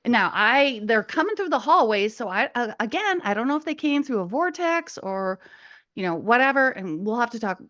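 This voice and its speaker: A woman's voice: on the high side, big pitch swings, moderate pace, fairly bright tone, dull audio. Chatty middle-aged woman telling a story. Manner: chatty, laughing, lots of asides and fillers. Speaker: podcast guest. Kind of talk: casual storytelling chat.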